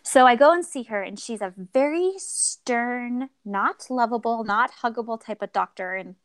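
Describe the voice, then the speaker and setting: A woman's voice: a little high, moderate pace. A young adult woman sharing a personal story as a podcast guest, acting out quoted dialogue and laughing often. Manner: expressive, acts out quoted dialogue.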